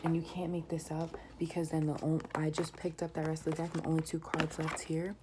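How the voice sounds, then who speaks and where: Reading tarot cards aloud for a vlog, a woman speaks in a deep, low voice at a slightly fast pace. She repeatedly sinks into whispers, then breaks out into excitement, while a constant hiss sits beneath this home recording.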